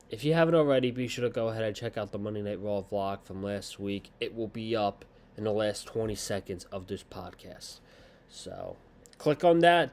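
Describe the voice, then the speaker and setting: Slow, rambling young man reviewing wrestling. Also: mid-range voice, darkish tone, clean tone. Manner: blunt, rambling, swears casually. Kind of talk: casual podcast review.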